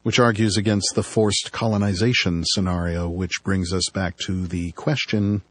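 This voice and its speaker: Low-voiced man narrating an audiobook, wry. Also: steady tone, moderate pace, fairly bright tone, dry recording. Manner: dry, wry storytelling. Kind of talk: first-person audiobook narration.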